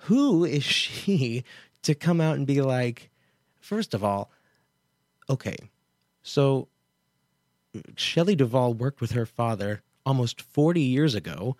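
A man's voice: mid-range voice, big pitch swings, takes it slowly, pauses often, darkish tone, dry recording, clean studio sound. A man from Kansas hosting a show, commenting casually with chatty asides and incredulity. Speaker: show host.

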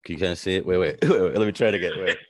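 A man's voice: sits low, very fast. A man in casual, playful chat, laughing and swearing easily.

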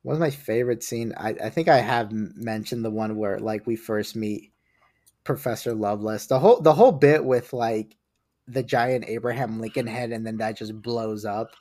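A man's voice: fairly low pitch, moderate pace, no room sound. Rambling young man, dry close mic. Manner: rambling, animated, lots of restarts and fillers. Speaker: podcast guest. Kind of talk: casual podcast chat.

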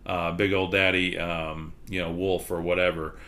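A man's voice: low-pitched, flat delivery, moderate pace, sharp tone. A man with a Texas accent hosting a podcast livestream, chatting candidly and rambling, with plenty of fillers. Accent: Texan. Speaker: podcast host. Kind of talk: casual livestream chat.

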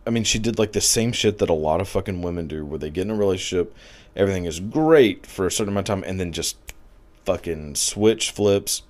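Deep-voiced man rambling crudely. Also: brisk, a little mellow. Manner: rambling, heavy filler words, crude jokes. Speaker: commentator. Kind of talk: casual profane commentary.

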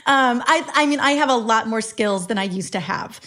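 Woman, 40s, somewhat high voice, earnest, reflective, halting restarts, podcast guest. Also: expressive, a bit bright. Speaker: guest, women's health expert. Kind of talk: casual conversation.

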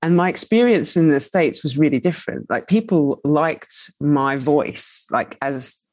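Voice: medium pitch, unhurried, no echo. Guest, mid-range voice, chatty and candid, dry close recording. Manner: expressive, chatty, full of "like" and asides. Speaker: guest, writer and cook. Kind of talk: candid conversational interview.

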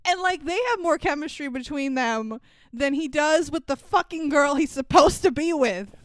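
A woman's voice: high voice, normal speed, dry recording. A woman co-hosting a casual movie podcast, blunt and sarcastic, swearing often. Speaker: podcast co-host.

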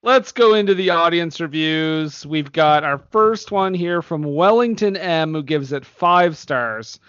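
A man's voice: on the high side, measured pace, fairly bright tone, clear, resonant tone, no echo, dull audio. A man hosting a casual movie podcast, laughing often as he reads reviews aloud. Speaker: podcast host.

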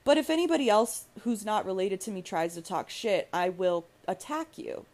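A woman's voice: medium pitch, very animated, moderate pace, darkish tone. Angry young woman ranting on a podcast. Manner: blunt, profane, emotional, many restarts. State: emotional, angry. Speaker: podcast host. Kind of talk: heated podcast rant.

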